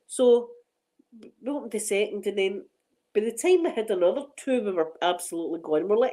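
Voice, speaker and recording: A woman's voice: mid-range voice, expressive, brisk, mellow, rough recording. A middle-aged Scottish woman hosting a casual chat on her ASMR channel, rambling and laughing often.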